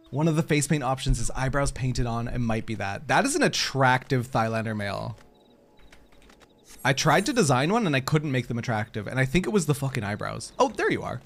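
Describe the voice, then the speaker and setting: A man's voice: medium pitch, a little fast. A young man doing casual, joking commentary while playing a game. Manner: playful, joking, easily excited. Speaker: streamer.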